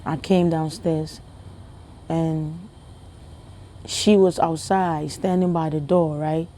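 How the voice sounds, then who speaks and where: Low-pitched, dark and steady, this Ghanaian-accented woman from Ghana speaks slowly as she tells a story in a chatty vlog. She addresses viewers directly and poses rhetorical questions to them.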